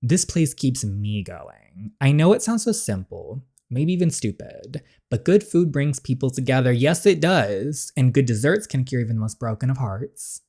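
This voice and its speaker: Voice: mid-range voice, expressive, normal speed, hardly any pauses, warm tone. A streamer reading as a tired young Southern baker. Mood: weary. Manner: earnest first-person storybook reading.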